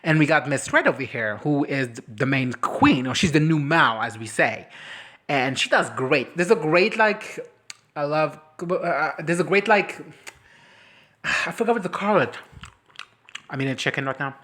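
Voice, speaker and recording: A woman chatting casually as a movie reviewer, animated and swearing, breaking into quick impressions of characters. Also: low voice. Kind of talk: casual reaction chat.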